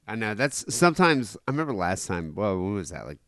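A man's voice: on the low side, very animated, fairly quick, fairly bright tone, no room sound, clean studio sound. A man co-hosting a podcast, arguing his point in laid-back banter and laughing often. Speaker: podcast co-host. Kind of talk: casual banter.

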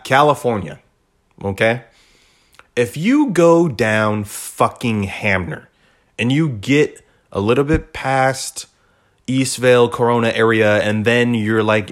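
A man hosting a podcast, rambling in a casual, profane, laid-back monologue. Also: on the low side. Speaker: podcast host.

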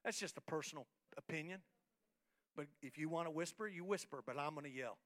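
A man pastor preaching a sermon in a church, moving from soft talk to shouted, rhythmic, repeated lines. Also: fairly high pitch, fairly quick. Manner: repetitive, rhythmic emphatic phrasing. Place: church hall, live-streamed service.

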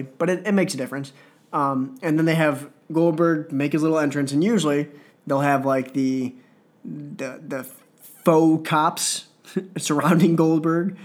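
A man with a somewhat high-pitched voice hosts a casual podcast. He rambles eagerly, piling on side comments and restarting his sentences as he goes. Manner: excited, rambling fan talk with asides. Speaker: wrestling podcast host.

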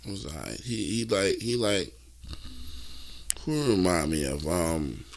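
A man talks in halting slang on a podcast and repeats his words as he goes. His low voice is gravelly, and his pitch swings widely. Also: animated, slight background noise. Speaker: podcast co-host. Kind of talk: casual chat.

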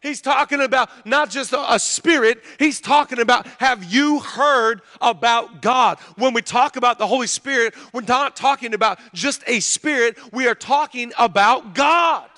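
A man in his thirties preaching a sermon, chatting with the crowd and building to loud preaching in a church. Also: extremely high pitch, moderate pace, few pauses. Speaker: pastor. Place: large church hall. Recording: long hall reverb.

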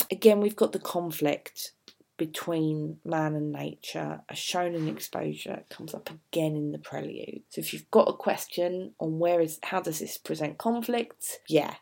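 A woman's voice: fairly low pitch, creaky, darkish tone. A woman teaching a poetry lesson on a podcast, chatty and enthusiastic, dropping into whispers for asides. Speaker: English literature teacher.

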